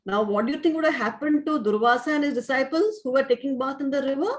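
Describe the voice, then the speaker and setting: A woman, a spiritual teacher telling a story as a lesson with a lively, expressive manner. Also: high-pitched, fast talker, rough recording.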